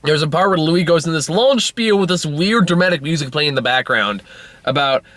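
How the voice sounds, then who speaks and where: A man reviews a movie casually in an animated, slightly fast, somewhat bright voice, ranting with exasperation and profanity. He often breaks into high, incredulous outbursts, and the recording has no echo.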